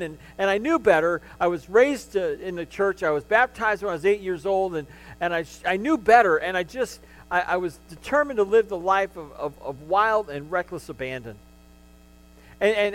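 A man's voice: high voice, a bit bright, rough recording. A middle-aged male pastor preaching a sermon, telling his personal testimony with emotion and frequent restarts.

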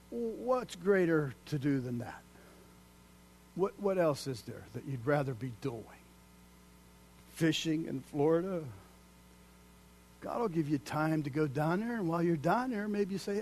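Male pastor, sermon delivery, slightly higher-pitched voice, dynamic from shouted emphasis to hushed whisper. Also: expressive, unhurried, pauses often. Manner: dynamic preaching, swings from loud declaiming to hushed near-whisper.

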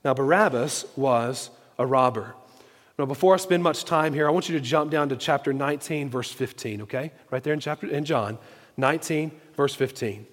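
A man's voice: mid-range voice, normal speed, long reverb tail. A man preaching a sermon, emphatic, repeating key phrases for stress. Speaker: pastor.

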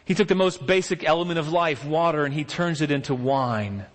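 A man preaching a sermon, telling Bible stories with animated, acted-out character voices. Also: on the high side, a little fast, in a large hall.

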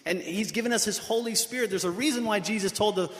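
A man with a slightly high voice preaches an earnest sermon, asking his congregation question after question. His voice rings around a large church hall with a long, roomy echo. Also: fast talker, a bit bright. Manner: earnest, many rhetorical questions. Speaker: pastor. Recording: echoey hall with long reverb.

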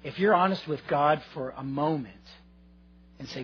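A man's voice: a little high, moderate pace, lo-fi sound, slight background noise. A male pastor preaching a sermon, earnest and conversational, addressing his listeners directly.

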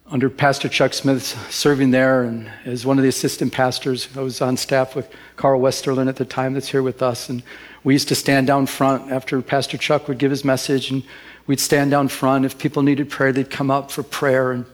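A man preaching a sermon as a pastor, telling a story in a conversational, emphatic way. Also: mid-range voice.

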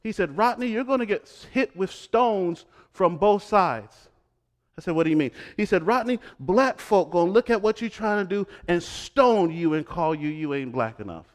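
A middle-aged male pastor preaching a sermon, swinging between loud emphatic lines and hushed quiet ones. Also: high voice, lively intonation, moderate pace.

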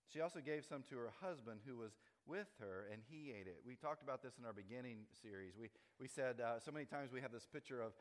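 A man giving a sermon as pastor, conversational and animated, often repeating words as he tells stories. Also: medium pitch. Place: church auditorium. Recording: long reverb of a large hall.

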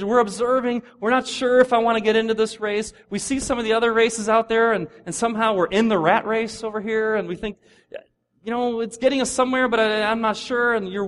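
A middle-aged man preaching a sermon in a conversational, animated way, acting out the voices of the people he describes. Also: high voice. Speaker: pastor.

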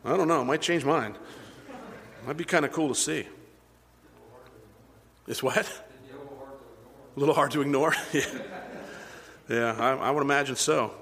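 A man's voice: medium pitch, measured pace, pauses often, fairly bright tone. Man preaching a conversational sermon. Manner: conversational, asks the congregation questions. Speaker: pastor. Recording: long reverb in a hall.

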